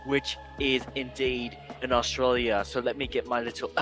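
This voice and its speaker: Male podcast host, playful goofy banter, mid pitch, light music bed. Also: steady tone, measured pace. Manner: goofy, playful, jumps between loud and quiet. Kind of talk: casual sports show banter.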